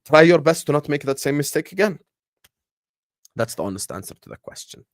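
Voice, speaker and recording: A man's voice: a little high, fairly quick, no room sound, studio quality. A young man in his twenties with a Scouse accent, chatting casually and animatedly with viewers in a live Q&A, full of slang and jokes. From Liverpool, England. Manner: animated, slangy, jokey, reads chat aloud. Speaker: streamer answering viewer questions.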